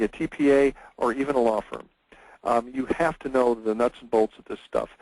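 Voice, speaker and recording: A male lawyer leads a webinar lecture in a conversational way, often pausing on fillers. His voice sits at an ordinary pitch and sounds dry and close, with no room echo.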